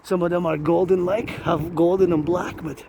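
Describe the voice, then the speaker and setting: A man from Quebec talks to his camera outdoors, looping phrases into a steady chant. His voice sits fairly high for a man. Clear traffic and vehicle noise runs underneath. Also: moderate pace. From Quebec, Canada. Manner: repetitive, chanting phrases over and over. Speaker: vlogger. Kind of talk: rambling outdoor monologue.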